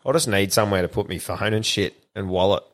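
A man's voice: on the low side, quick pace, fairly bright tone. A young Australian man co-hosting a podcast, chatting casually with crude, laid-back humour and telling jokes. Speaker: podcast co-host. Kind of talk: casual banter.

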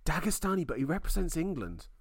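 An excitable man co-hosting a casual fight podcast, his voice leaping up and down as he runs through results. He laughs often and swears freely. The sound is close and dry. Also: on the high side, fast talker, slightly rough, no echo. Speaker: podcast co-host.

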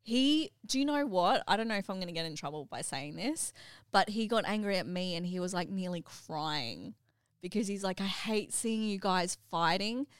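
Animated middle-aged woman, smooth voice. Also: mid-range voice, normal speed, no room sound, clean studio sound. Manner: animated storyteller, emotional. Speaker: podcast co-host. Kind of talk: casual chat.

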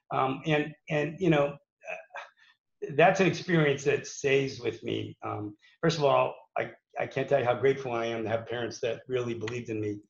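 A man's voice: mid-range voice, creaky. A man from Pittsburgh, a former wrestler, telling his story in a casual, rambling way with many fillers and restarts. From Pittsburgh, USA. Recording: echoey room, dull lo-fi sound.

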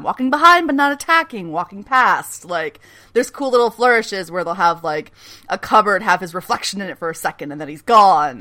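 A woman co-hosting a casual podcast, recapping a TV episode with swearing and lots of laughs. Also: fairly low pitch. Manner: animated, swearing, laughing often, acting out characters' lines. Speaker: podcast co-host recapping a TV series. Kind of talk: casual chat.

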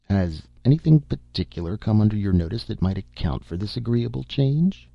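A man's voice: on the low side, animated, normal speed, creaky, dry recording, dull audio, pitched above the performer's own voice. A man reading the part of a genial family doctor who jokes and dodges questions. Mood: jovial. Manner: jovial, evasive.

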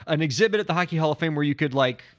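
A man's voice: a little high, animated, very fast. A man co-hosting a podcast in casual chat, easygoing and laughing readily at his own mishaps. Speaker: podcast co-host.

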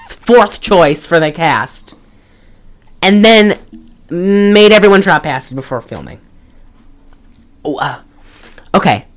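A woman co-hosting a podcast in casual chat, blunt and exasperated, rambling with many restarts. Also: on the low side. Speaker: podcast co-host.

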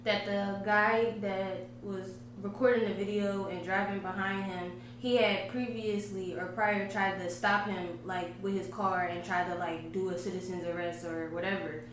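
A woman's voice: medium pitch, level tone, normal speed, few pauses, far from the mic. A woman speaking loosely in a casual conversation, leaning on fillers as she goes. She sits a bit back from the mic. A strong echo and faint noise fill the room. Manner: conversational, uses many fillers like "like" and "um". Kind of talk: casual debate chat.

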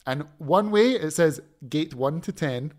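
A man telling a story in casual chat, animated, swearing freely and laughing as he talks. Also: a little high, a little slow.

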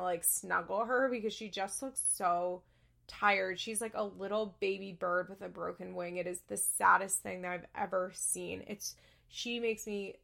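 A woman's voice: medium pitch, vocal fry, bright, forceful tone. A young woman hosting a podcast, chatting candidly about a reality show and swearing freely. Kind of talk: casual chat recapping a reality show.

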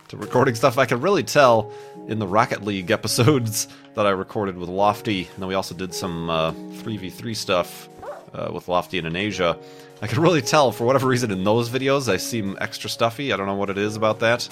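A man's voice: lowish voice, quick pace, fairly bright tone, soft background music. A man rambling chattily through casual let's-play commentary with self-mocking asides, a bit stuffy from a cold. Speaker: gaming YouTuber.

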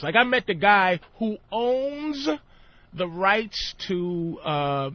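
A man's voice: high voice, very animated, slow. A man telling a loose, profane story on a podcast, acting out other people's lines. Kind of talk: casual storytelling chat. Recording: muffled lo-fi sound.

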